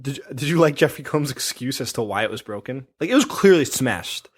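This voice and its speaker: A man's voice: medium pitch, lively intonation, brisk, slightly rough. A man co-hosting a podcast, discussing a horror movie in a laid-back, joking and profane way. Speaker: podcast co-host. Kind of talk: casual movie recap chat.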